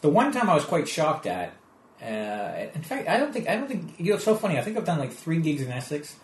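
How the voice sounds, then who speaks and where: A Canadian man, a stand-up comedian, chatting casually and telling stories with lively asides. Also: on the high side, a little fast, echoey room. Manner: animated storytelling with restarts and quoted asides. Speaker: comedian guest. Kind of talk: casual conversation.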